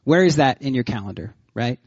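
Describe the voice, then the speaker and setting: A man pastor giving a sermon, telling stories with lively energy and frequent laughter, then closing in prayer. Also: medium pitch, a little fast, breathy edge, no room sound, dull audio. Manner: animated storytelling, laughs often.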